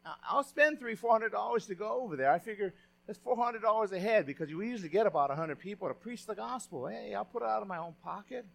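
A man's voice: sits high, expressive, fast talker, gravelly, fairly bright tone. A male pastor giving a sermon in a conversational way, often restarting his sentences as he retells a story. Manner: conversational preaching, with frequent restarts and retelling of stories.

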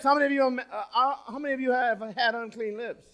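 A male pastor with a high, light voice delivers a sermon. He reads scripture with dramatic stress, rising loud on key lines and dropping to near-hushed asides. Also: steady tone, fast talker. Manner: swings from loud emphatic reading to quiet asides.

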